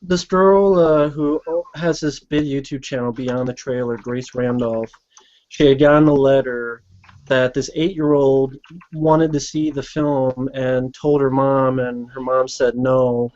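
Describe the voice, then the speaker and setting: A man's voice: mid-range voice, steady tone, unhurried, a little mellow, highs cut off. Dry matter-of-fact man in casual chat. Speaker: commentary co-host. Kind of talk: casual movie commentary chat.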